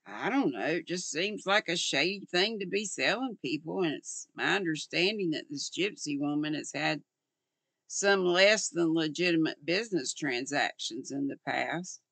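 An older woman reading aloud as a sassy, quick-witted young woman sleuth, in a plain storybook voice. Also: deep voice, lively intonation, gravelly, a bit bright, no echo, exaggerated voice.

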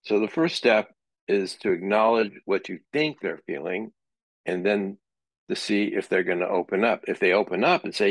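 In a classroom lecture without echo, a middle-aged psychology lecturer speaks in a lowish voice at a moderate pace. He keeps things conversational and now and then acts out sample dialogue.

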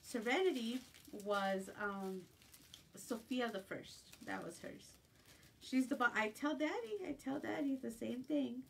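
Woman, middle-aged, live-stream seller, chatty with cooing baby talk, slightly high voice, faint background noise. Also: expressive, a little slow, vocal fry. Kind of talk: casual live-stream chat. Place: home at night. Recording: distant phone mic with faint room noise.

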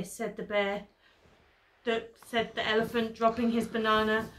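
A woman's voice: fairly high pitch, flat delivery, fairly bright tone. A woman teacher reading a picture book aloud to children. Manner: slow, clear storybook reading. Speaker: primary school teacher.

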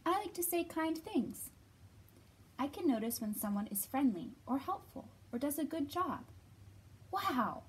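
In a children's storytime, a woman librarian reads aloud with bright, expressive energy and acts out the quoted lines. Her voice is high-pitched and her pace a little slow.

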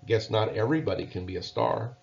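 Gentle mother bear read by a man, calm and reassuring, gravelly low voice, storybook reading, lo-fi sound. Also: a little fast, slight background noise. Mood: soothing. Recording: dull lo-fi recording.

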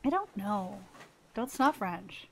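A woman's voice: medium pitch, expressive, unhurried, a crowd in the background. A woman co-commenting on a game in casual chat, making wry, skeptical remarks. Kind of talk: casual let's-play chat.

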